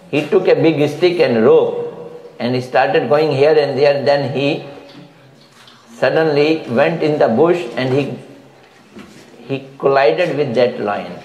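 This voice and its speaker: A man giving a devotional sermon in a house, telling a fable in an animated way and often laughing. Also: fairly high pitch, takes it slowly. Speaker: spiritual speaker. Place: room in a private house. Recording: roomy echo, faint background hum.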